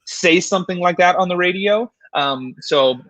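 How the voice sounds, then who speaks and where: A man, a paranormal investigator, telling an animated story in a casual interview, full of fillers and restarts. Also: high-pitched, normal speed, slight background noise. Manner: excited, filler-heavy, animated retelling.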